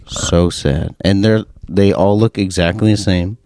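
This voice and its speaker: A man's voice: sits low, steady tone, slow, warm tone, no room sound, studio quality. A young man co-hosting a podcast in casual chat, teasing his partner with crude, blunt jokes. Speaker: podcast co-host.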